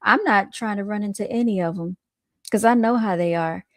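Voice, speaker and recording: A woman's voice: medium pitch, a little fast, no echo, studio quality. Chatty woman streamer talking to viewers. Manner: chatty, addresses viewers as y'all, laughs often. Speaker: streamer reacting to clips. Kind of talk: casual chat to viewers.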